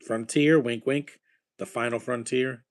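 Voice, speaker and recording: Man, casual movie-watching chatter, rambling, enthusiastic, mid-pitched voice. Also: steady tone, unhurried. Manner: chatty, rambling, enthusiastic about film scores. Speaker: movie watcher giving reactions.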